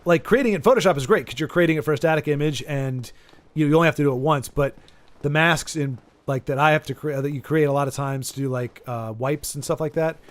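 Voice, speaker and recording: A man's voice: a little high, fast talker. A man hosting a gaming video, chatting casually while he plays and thinking aloud through long, rambling asides. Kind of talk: casual chat while playing a game.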